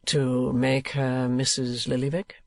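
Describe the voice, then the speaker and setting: A man voicing a polite, earnest young gentleman who speaks in a courteous, measured way. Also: medium pitch, monotone, creaky, no room sound.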